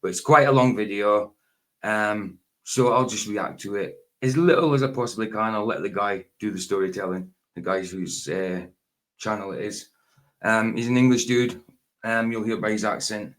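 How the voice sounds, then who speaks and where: A man in his forties talks through a late-night reaction video, rambling and correcting himself as he goes. His voice sits a little low. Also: moderate pace, fairly bright tone. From Scotland. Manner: rambling, self-correcting, chatty. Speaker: YouTube reaction host.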